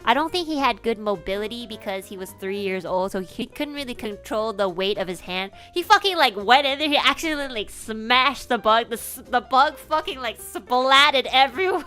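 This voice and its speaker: A young woman streamer telling a casual story in an animated way, giggling often and swearing casually. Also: a little high, moderate pace, hardly any pauses, faint music behind.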